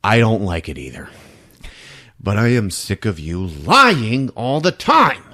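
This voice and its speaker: A man voicing an exasperated middle-aged father who blusters and rises to shouting. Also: lowish voice, wildly swooping pitch, slow pace, exaggerated voice.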